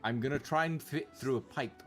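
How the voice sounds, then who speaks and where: A man's voice: mid-range voice, a little fast, soft background music. A man co-streaming a video game, talking casually and hesitantly while trying silly ideas. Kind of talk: casual gameplay chat.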